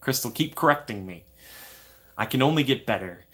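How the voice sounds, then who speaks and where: A man's voice: medium pitch, animated, brisk, pauses often. A young man hosting a casual live stream from home, reading chat aloud and joking at his own expense. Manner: playful, self-mocking, reads chat aloud.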